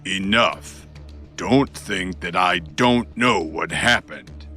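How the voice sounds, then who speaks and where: A hoarse, domineering middle-aged chief herbalist, as a man acts him out in an audiobook, his voice very deep with a hard, forceful edge. He talks down to everyone in a cold, scolding way, while faint music plays underneath. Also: slow pace, full character voice. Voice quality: low and hoarse. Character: stern middle-aged male chief herbalist, arrogant father. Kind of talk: audiobook narration.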